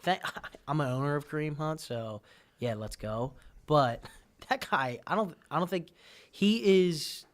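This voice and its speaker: A man's voice: a little high, animated, unhurried. Rambling man on a sports podcast. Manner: rambling, stumbles over words, swears. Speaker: podcast co-host. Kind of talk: casual sports chat.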